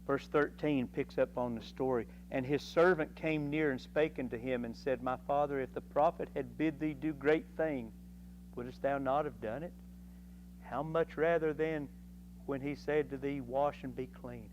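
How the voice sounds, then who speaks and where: A man teaching a Sunday school Bible lesson in a folksy, animated way, acting out voices from the story. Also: mid-range voice, moderate pace, muffled recording, a little hiss or hum. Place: church classroom.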